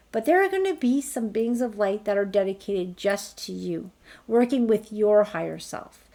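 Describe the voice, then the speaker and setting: A woman leading a group healing call, talking listeners through it in a gentle, reassuring, slow guiding way. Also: a little high, gravelly. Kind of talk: guided healing talk.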